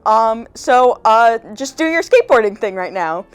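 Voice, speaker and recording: A woman mimicking a callous middle-aged father in a louder, blunt mock-fatherly tone. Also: on the high side, big pitch swings, moderate pace, clear, resonant tone, faint music behind. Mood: dismissive.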